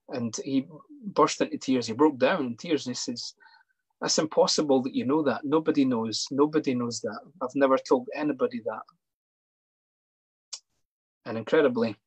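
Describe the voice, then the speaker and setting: A man shares a personal testimony in an earnest, halting way, full of small pauses and restarts. His voice has a slightly husky edge, recorded close and dry with no room sound. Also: medium pitch, dry recording, low-quality recording. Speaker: sports psychologist.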